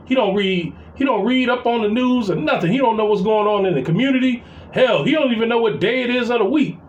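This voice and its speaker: High-voiced man venting, cursing freely. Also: fast talker, dull audio. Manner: profane, heated storytelling. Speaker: vlogger. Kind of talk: casual venting monologue.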